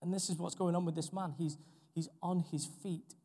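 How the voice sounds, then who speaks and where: A young man delivers an earnest sermon, repeating key phrases for weight. His voice sits a touch high yet sounds dark and mellow. The recording carries a long reverb, as in a large church. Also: little pitch movement, brisk. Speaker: preacher.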